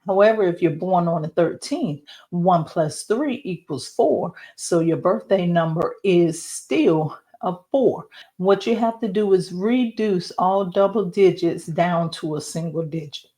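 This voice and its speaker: Woman, card reader; low voice, unhurried, reflective, speaks directly to listener. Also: warm tone. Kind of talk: spiritual card reading.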